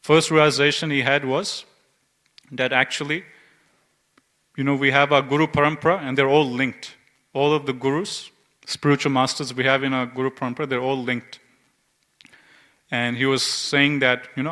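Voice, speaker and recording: Bright-voiced man telling a temple story. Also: medium pitch, normal speed, pauses often. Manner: narrates an anecdote with lively quoted dialogue. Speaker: speaker giving a class. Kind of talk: storytelling scripture class.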